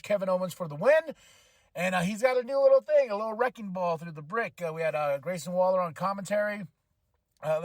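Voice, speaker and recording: A fairly high-voiced man hosts a podcast and recaps a wrestling show in a casual, animated way. He laughs often and acts out the wrestlers' lines in changing voices. The sound is dry and close, with no room around it. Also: no echo. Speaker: podcast host.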